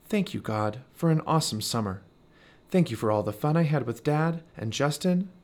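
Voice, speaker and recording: A man's voice: fairly high pitch, animated, normal speed, a little mellow, lightly acted. A man reading as an earnest boy praying. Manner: earnest and sincere. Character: earnest young boy saying bedtime prayers.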